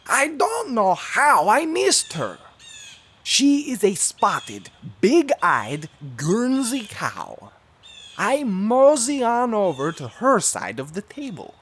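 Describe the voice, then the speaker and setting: A woman reading a children's storybook aloud in a playful, animated way. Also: mid-range voice, slow, breathy edge. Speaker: storybook reader. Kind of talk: expressive read-aloud narration.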